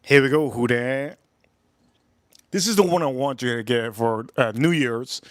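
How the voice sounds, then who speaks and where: A man's voice: mid-range voice, unhurried, dry recording, clean studio sound. Jet-lagged man rambling on a livestream. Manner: loose, repetitive, swearing, calls out to viewers. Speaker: livestream host. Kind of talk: casual livestream chat.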